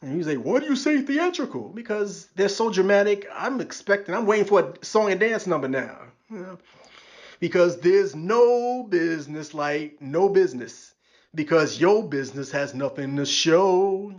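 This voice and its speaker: A man delivers a stand-up style rant in a high-set voice. He stays wry and sarcastic throughout, breaking into quick impressions of the people he mocks. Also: lively intonation, muffled recording. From New York. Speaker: podcast host.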